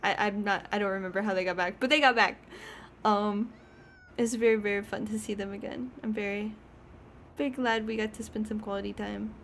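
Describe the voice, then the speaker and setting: A woman's voice: medium pitch, fairly even intonation, fairly quick, a bit bright, slight background noise. A young woman streaming, chatting casually and rambling with frequent laughs. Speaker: VTuber streamer.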